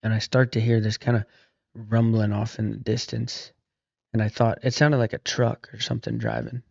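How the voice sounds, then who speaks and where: A man's voice: mid-range voice, moderate pace, creaky, dry recording. A middle-aged man, a podcast guest and author, telling long casual anecdotes with easygoing restarts. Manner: relaxed, rambling anecdotes with frequent restarts. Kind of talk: casual storytelling. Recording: dull, lo-fi podcast audio.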